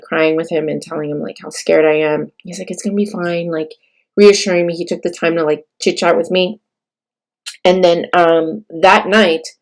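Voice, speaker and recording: A young woman with a somewhat low voice tells a personal story straight to camera. She talks in a halting, tearful way and restarts her sentences often. She grew up in California. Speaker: vlogger sharing a birth story.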